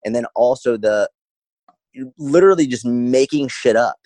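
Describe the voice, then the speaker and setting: A man speaking as a fitness coach on a podcast. He talks bluntly and swears freely, firing one rhetorical question after another. His voice sits at a middle pitch and is recorded dry and close. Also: a little mellow, no echo. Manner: blunt, profane, rapid-fire rhetorical questions. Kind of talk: podcast conversation.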